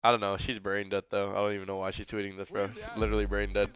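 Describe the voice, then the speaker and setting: A male streamer reacting live in a rambling, incredulous way, padded with fillers. His voice is bright and smooth with a slight lisp. The sound is dry and close. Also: lowish voice, monotone, racing, dry recording.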